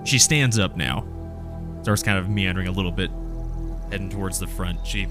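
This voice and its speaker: Halting low-voiced male game master. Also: over music. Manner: halting, restarts often. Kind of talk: narrating a tabletop role-playing game.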